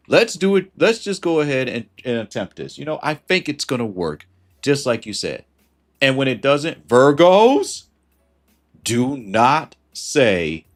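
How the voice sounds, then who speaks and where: A man talking casually on a livestream, giving slangy advice and greeting viewers as he goes. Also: medium pitch. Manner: conversational and slangy, greets chat viewers mid-thought.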